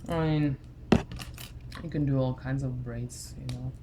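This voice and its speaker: A woman's voice: a bass voice, fairly even intonation, unhurried, echoey room, very noisy. A young woman chewing gum, chatting casually and apologetically through an unscripted hair tutorial at home. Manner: chatty, apologetic, rambling with fillers. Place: home room in front of a mirror.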